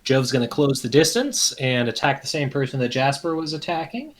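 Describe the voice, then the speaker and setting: A man describing his character's attack as a player in a tabletop game, deliberate and full of ums. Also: mid-range voice, very animated.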